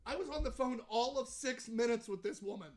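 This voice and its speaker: A man's voice: extremely high pitch, a little fast, a little hiss or hum. A man co-hosting a podcast with friends tells a long story in a casual, chatty way. He swears freely and often breaks into laughter as he goes. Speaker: podcast co-host. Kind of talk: casual chat.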